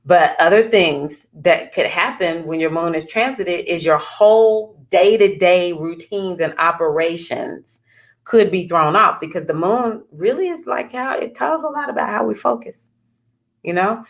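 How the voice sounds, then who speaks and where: A woman astrologer chats straight to her viewers in an animated way, with sudden bursts of excitement. Her speaking voice sits a little lower than most women's. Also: unhurried. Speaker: astrologer giving readings. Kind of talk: casual talking-head vlog.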